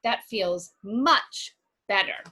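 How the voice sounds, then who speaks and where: A woman's voice: medium pitch, expressive, extremely slow, pushed and bright, breathy edge, heavily acted. A woman voicing a polite male troll with a sore throat in a read-aloud children's story. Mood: apologetic. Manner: apologetic, grateful.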